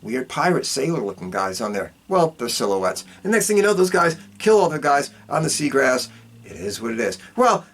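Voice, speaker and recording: A man hosting a podcast, casually recapping a film in an animated, profane storytelling manner with big swings in pitch and a repeated catchphrase. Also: moderate pace. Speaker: podcast host.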